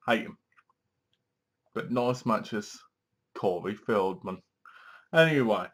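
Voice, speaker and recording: A man's voice: medium pitch, a bit bright. A man giving a casual, rambling film review, leaning on filler words and restarts.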